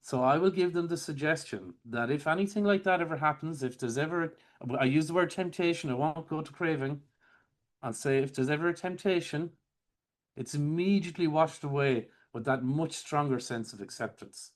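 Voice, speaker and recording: A male hypnotherapy trainer teaching a masterclass, calmly explaining a technique step by step. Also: on the high side, normal speed. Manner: calm, explanatory, walks through techniques step by step.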